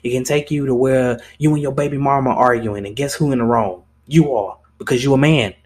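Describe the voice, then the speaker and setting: A man's voice: medium pitch, fairly even intonation, brisk, a little mellow. A young man hosting a podcast, talking in a blunt, impassioned way with lots of swearing and restarts. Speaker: podcast host. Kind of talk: casual podcast monologue.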